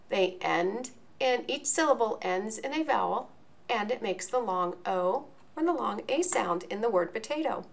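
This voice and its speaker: Slow, deliberate woman teaching phonics. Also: medium pitch, lively intonation. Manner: slow, deliberate, clearly enunciated. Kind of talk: instructional video lesson.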